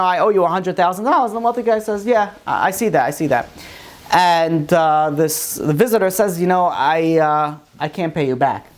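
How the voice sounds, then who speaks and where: A man, a rabbi giving a Torah class, who tells parables and acts out the dialogue in changing voices. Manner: storytelling, acts out dialogue with pitch jumps.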